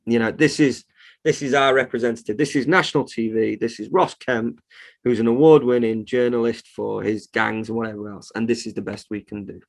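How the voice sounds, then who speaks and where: A man's voice: medium pitch, fairly even intonation, a little fast, creaky. A man who runs a reptile shop, talking heatedly in a casual podcast interview, swearing freely as he rants. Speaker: reptile shop owner, guest.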